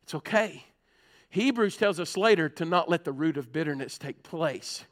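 A man pastor, preaching a sermon from a church pulpit. He tells stories earnestly and swings between loud and hushed. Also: fairly high pitch, lively intonation, moderate pace.

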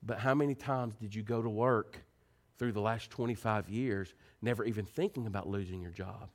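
A man preaching a sermon. He moves between quiet, earnest pleading and animated storytelling. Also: moderate pace. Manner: animated, rising to high excited pitch when telling stories.

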